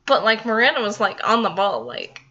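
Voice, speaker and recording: A young woman with a bright, forward voice chats to her viewers in a loose, rambling way, laughing now and then. The recording is a bit dull and lo-fi. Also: mid-range voice, sing-song, moderate pace. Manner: rambling, chatty, laughs often. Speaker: vlogger. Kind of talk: casual talk to camera.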